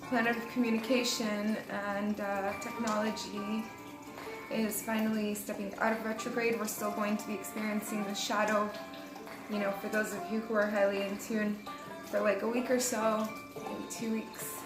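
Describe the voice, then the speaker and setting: A chatty young woman with a fairly high voice talks her way through a tarot reading, rambling and light. The room is echoey, and music plays clearly behind her. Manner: chatty and rambling, laughs at herself. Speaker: tarot reader. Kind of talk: casual spoken tarot reading.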